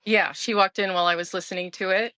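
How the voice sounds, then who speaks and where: A woman's voice: medium pitch, fairly even intonation, fast, sharp tone, no echo, poor audio. A woman of sixty talking candidly and emotionally as an interview guest, often restarting her sentences. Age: 60s. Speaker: guest sharing her sobriety story.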